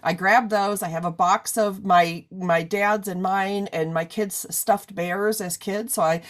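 A woman's voice: mid-range voice, fairly even intonation, unhurried. A middle-aged woman hosting an interview in a chatty, rambling way, full of "you know". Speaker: radio interview host. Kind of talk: casual chat.

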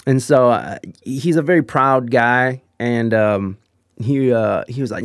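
A man telling a rambling, profane anecdote in a casual, animated way, with frequent restarts. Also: medium pitch, a little slow, no room sound. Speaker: storyteller.

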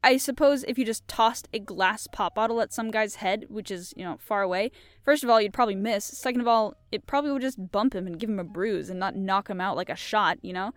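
A woman's voice: mid-range voice, a little fast, dry recording. A young woman hosting a show, chatting casually and giggling as she reads mystery puzzles aloud, rambling with many fillers. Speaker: podcast host.

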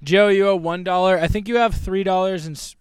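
A man hosting a casual podcast outdoors, wrapping up the episode briskly with laughs and some cursing. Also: high-pitched, fairly even intonation. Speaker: podcast host.

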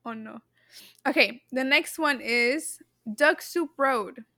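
A woman's voice: high-pitched, takes it slowly, pushed and bright, no echo, clean studio sound. A woman co-hosting a casual podcast chat, rambling with fillers and restarts and laughing easily. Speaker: podcast co-host reading the quiz.

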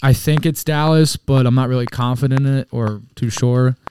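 A man's voice: mid-range voice, fairly even intonation, normal speed, darkish tone, a little hiss or hum. A man co-hosting a casual sports betting podcast, rambling and crude in his banter. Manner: rambling, crude, trash-talking. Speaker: podcast co-host.

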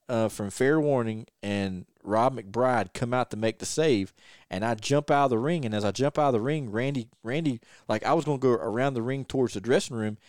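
A man hosting a podcast, an ex-wrestler telling stories in a lively, anecdotal way. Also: medium pitch, dry recording, studio quality. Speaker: podcast host and former wrestler. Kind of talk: casual storytelling interview.

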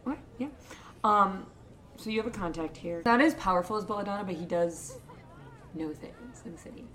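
Woman, game master, rambling tabletop narration, mid-pitched. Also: fairly bright tone. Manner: rambling, laughing, halting with fillers.

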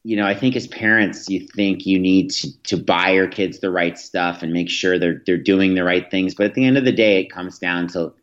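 A deep, slightly bright voice belongs to a man in his thirties who tells earnest stories as a podcast interview guest, talking at normal speed with hardly any pauses. He restarts frequently, and the audio is dull lo-fi.

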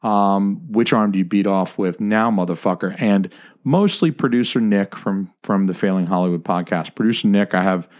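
Brief: man, podcast co-host, somewhat low voice, swears freely and jokes around. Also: normal speed, darkish tone. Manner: profane, joking, rambling. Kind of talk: casual podcast chat.

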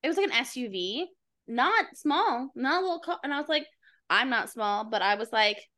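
Joking woman with a slightly high voice. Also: lively intonation, normal speed, sharp tone. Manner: joking interjections, self-deprecating anecdotes. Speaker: podcast co-host. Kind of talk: casual chat.

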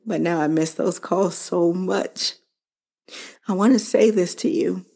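A woman hosting her own show, speaking slowly and earnestly to listeners about losing her mother and how to grieve. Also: lowish voice, creaky, darkish tone, husky. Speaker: podcast host. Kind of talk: personal reflective monologue.

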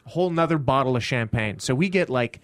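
A man, a stand-up comic, telling a story in casual podcast chat and acting out the people in it with sudden high shouts. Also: lively intonation, fast, no room sound, studio quality.

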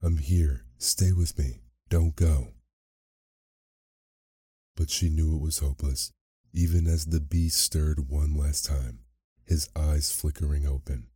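A man narrating a fairy tale as a sleep story, reading in a slow, soothing, soft way. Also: a bass voice, husky, dry recording, studio quality.

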